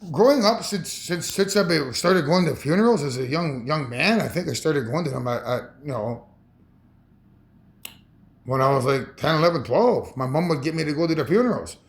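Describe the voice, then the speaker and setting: Gravelly emotional man in his fifties. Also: a little high. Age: 50s. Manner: emotional, halting, repeats himself. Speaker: vlogger. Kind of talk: rambling personal monologue.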